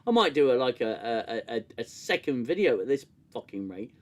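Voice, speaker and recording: A man hosting a casual livestream review, sarcastic and animated, swearing freely. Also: mid-range voice, moderate pace, hardly any pauses. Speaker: show host reviewing an episode.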